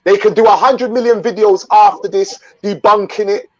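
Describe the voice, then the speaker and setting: A man's voice: sits high, steady tone, moderate pace, dull audio. Fired-up, profane man ranting to camera. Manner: blunt and profane, repeating himself. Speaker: channel host. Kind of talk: angry vlog rant.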